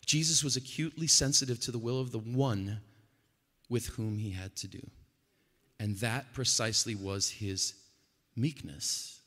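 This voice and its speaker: A man preaching a sermon at a conference, animated and swinging from quiet talk to loud, emphatic passages. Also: medium pitch, a little slow. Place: large conference hall. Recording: long hall reverb.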